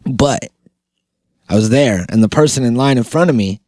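A man co-hosting a podcast, chatting casually, joking and telling stories with quick laughs. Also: mid-range voice, a little mellow, no echo, clean studio sound. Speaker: podcast co-host. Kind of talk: casual chat.

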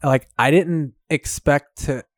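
A man's voice: on the high side, takes it slowly, no echo, studio quality. A young adult man chatting casually, swearing freely and saying "dude" often. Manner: profane, laughing, uses "dude" a lot. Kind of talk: casual chat.

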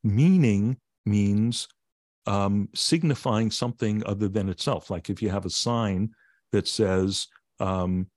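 A man, a meditation teacher, explaining ideas in plain language with gentle humor during a conversational podcast interview. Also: on the low side, slow pace, dry recording, studio quality. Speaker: meditation teacher and author, guest.

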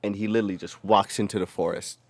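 A young man co-hosting a casual podcast, telling a rowdy story with lots of profanity and loud acted-out quotes. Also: on the low side, quick pace, no echo. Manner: animated, profane, acts out quotes in a raised voice. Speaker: podcast co-host.

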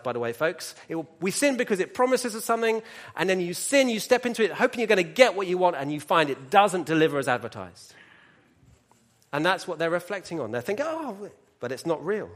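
High-voiced male preacher telling stories. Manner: animated storytelling with humor and asides to the congregation. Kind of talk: sermon.

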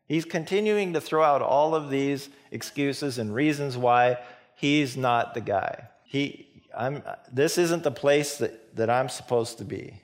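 A man's voice: mid-range voice, unhurried. A man preaching a casual sermon, retelling a Bible story in plain everyday talk and acting out the dialogue with chuckles. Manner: animated storytelling, acts out dialogue with laughs. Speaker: pastor.

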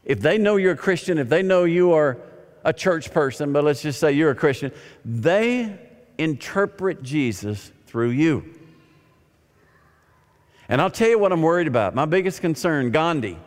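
A man's voice: a little high, expressive, moderate pace. Man preaching in an echoing hall. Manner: dramatic, swings from loud emphasis to soft near-whispers. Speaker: pastor. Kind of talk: sermon. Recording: long hall reverb with faint music.

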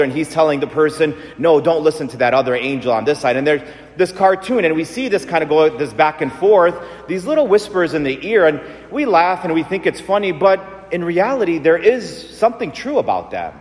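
Lively preaching man in an echoing church. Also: a little high, a little fast, hardly any pauses. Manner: animated, conversational preaching with rhetorical questions. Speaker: priest. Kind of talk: sermon. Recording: long church reverb.

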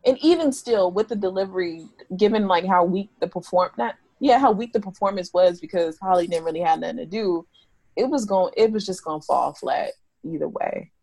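Low, gravelly woman in casual chat. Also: brisk, dark tone, dry recording. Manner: chatty, laughs often, restarts sentences. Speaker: podcast co-host.

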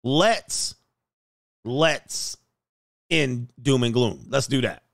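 A man's voice: mid-range voice, animated, drawn-out words, fairly bright tone, no room sound, studio quality. A man hosting a casual livestream, joking and laughing as he reads out viewer comments. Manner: joking, laughs often, slangy. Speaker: show host.

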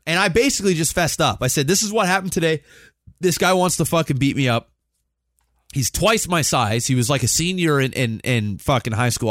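A man in his thirties telling a story on a podcast, animated and full of swearing. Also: on the high side, no room sound, clean studio sound. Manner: animated, swears a lot, acts out quotes. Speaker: podcast co-host. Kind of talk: casual storytelling.

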